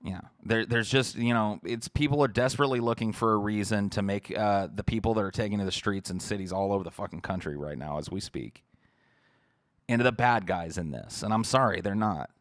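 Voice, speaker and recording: Ranting, profane low-voiced man. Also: a little fast, dry recording, clean studio sound. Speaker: podcast host. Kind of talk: livestream rant answering chat.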